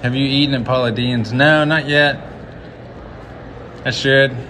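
A man livestreams from a handheld phone as he wanders a large hotel, rambling and cracking jokes for his viewers. His voice is medium-pitched, bright and forceful, with a steady tone and an unhurried pace. There's a slight hiss or hum.

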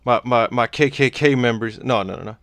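A man's voice: mid-range voice, brisk, gravelly, fairly bright tone, no room sound. A young man commentating his gameplay, telling stories in a crude, rambling, joking way. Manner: crude, rambling, joking storytelling with frequent laughs. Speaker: gaming YouTuber. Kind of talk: let's play commentary. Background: game music.

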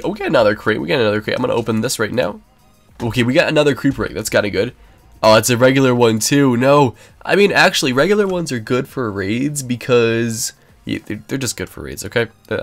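A young man giving casual, rambling gameplay commentary, excitable and prone to sudden yelps. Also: lowish voice. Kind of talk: casual let's-play commentary.

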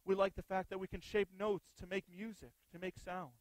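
A man's voice: sits high, level tone, a little fast, no echo, low-quality recording. A male pastor preaching an earnest sermon, often putting rhetorical questions to the congregation.

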